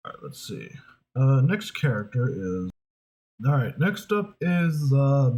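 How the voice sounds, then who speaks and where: A young male voice actor chatting casually in a rambling, hesitant way, full of fillers. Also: mid-range voice. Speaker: voice actor, video creator. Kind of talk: casual chat.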